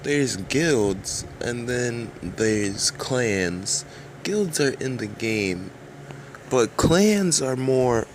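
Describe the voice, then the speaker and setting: A man's voice: mid-range voice, lively intonation, drawn-out words, a little hiss or hum. A man giving casual, rambling commentary over game footage in a dry, drowsy way. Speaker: gaming video creator.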